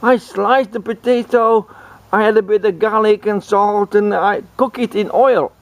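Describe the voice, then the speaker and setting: A man voicing an excitable male French cook who eagerly explains his idea. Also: sits high, measured pace, dry recording, voice pushed up. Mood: excited.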